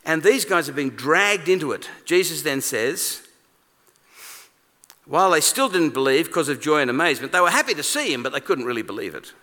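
A man preaching a sermon in a conversational, animated way, acting out quoted lines. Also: a little high, a little fast. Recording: long reverb of a large hall.

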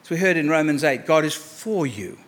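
A man preaching a sermon to his church, emphatic, repeating words for stress and moving between soft asides and raised declarations. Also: fairly high pitch, animated, brisk. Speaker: pastor.

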